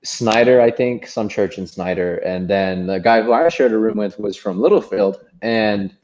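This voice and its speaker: A man co-hosting a casual chat, telling a story in a relaxed, hesitant way. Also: on the low side, moderate pace. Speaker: podcast co-host. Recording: muffled lo-fi sound.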